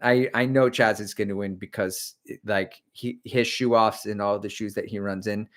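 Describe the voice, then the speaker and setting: A man's voice: lowish voice, fairly even intonation, normal speed, fairly bright tone. A middle-aged man hosting a casual livestream, chatting and rambling as he answers viewer comments about running. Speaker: livestream host and running coach. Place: home.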